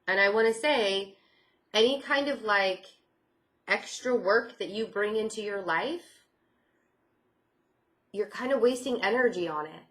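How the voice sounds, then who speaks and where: A woman's voice: medium pitch, unhurried, pauses often, a bit bright. A woman giving a casual tarot reading, reassuring and repeating herself, often saying she feels things. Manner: reassuring, repeats phrases, many "I feel like" fillers. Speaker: tarot reader.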